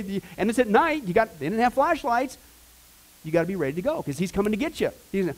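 A man with a high voice leads a Bible class. He talks casually and rambles, with joking asides, then breaks into loud preaching. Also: big pitch swings, fairly quick, low-quality recording. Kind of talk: informal Bible teaching.

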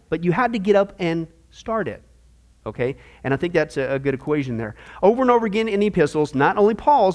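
A man teaching a discipleship Bible class in a conversational, animated way, using homey analogies and checking in with the class with frequent "okay?". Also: high-pitched.

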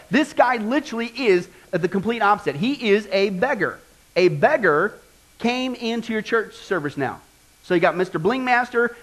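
High-voiced pastor man, chatty sermon. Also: rough recording. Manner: storytelling with rhetorical questions, animated. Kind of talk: conversational sermon.

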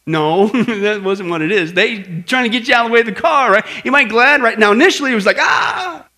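A man's voice: sits high, fast. A middle-aged man preaching a sermon on apologetics. He tells stories animatedly and keeps asking the listeners "right?". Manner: animated storytelling with acted shouts and asides. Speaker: pastor teaching apologetics.

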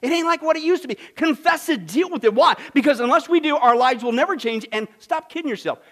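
Pastor, male, very high voice, dynamic delivery that jumps between soft and loud. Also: expressive, fast talker. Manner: dynamic, swings from hushed to loud, repeats "listen". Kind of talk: sermon.

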